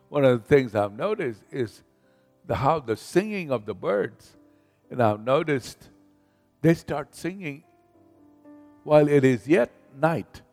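A man preaching a sermon as pastor, slow and emphatic, leading the congregation in call-and-response and rising in volume on scripture. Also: medium pitch, creaky, a little mellow. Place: church sanctuary. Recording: reverberant hall with faint music.

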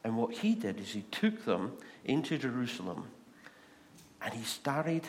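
A man with a Scottish accent preaching a sermon, animated and asking the congregation rhetorical questions. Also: medium pitch, measured pace, slight background noise. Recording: long reverb of a large hall.

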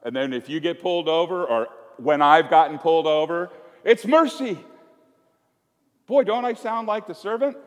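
In an echoey church sanctuary, a pastor with a slightly high voice and moderate pace preaches to his congregation. He keeps the sermon chatty and full of jokes, acting out small scenes as he goes.

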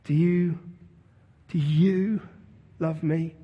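A man's voice: a little high, fairly even intonation, normal speed, long reverb tail, muffled recording, lightly acted. A man putting on a teasing Jesus calling out. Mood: earnest. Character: playful Jesus calling to fishermen, male adult.

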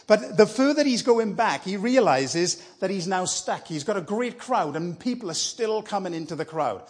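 Male guest preacher, high husky voice, conversational and encouraging. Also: animated, normal speed, hardly any pauses. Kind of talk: sermon. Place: church.

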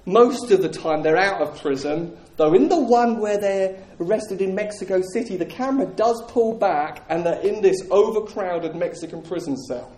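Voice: medium pitch, moderate pace, few pauses, darkish tone. A preacher delivering a sermon, emphatic and repeating key phrases, with jokes for the congregation. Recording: roomy echoing hall.

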